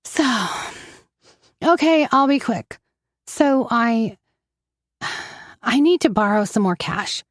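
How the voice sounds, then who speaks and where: A woman's voice: fairly high pitch, lively intonation, takes it slowly, long pauses, no echo, clean studio sound, voice pushed up. A woman voicing a desperate, bitter young woman who craves pills, pleading and accusatory in turn.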